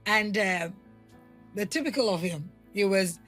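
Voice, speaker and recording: A middle-aged woman, the mother, recalling a family memory in a halting, searching way. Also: medium pitch, a bit bright, soft background music. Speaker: podcast guest, mother. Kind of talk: casual family conversation.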